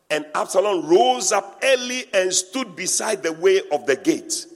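A man preaching a sermon, animated and teasing, breaking into laughter and acting out what people say. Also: a little high. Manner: animated preaching with laughter and mimicry of church talk. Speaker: pastor. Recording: reverberant hall.

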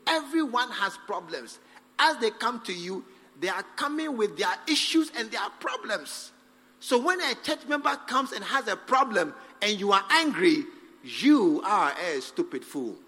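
A high-voiced man preaches with a wide, lively swing of pitch. He drives his points home emphatically, calls for responses and acts out little dialogues. His voice carries a long hall reverb. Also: normal speed. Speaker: pastor. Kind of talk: sermon.

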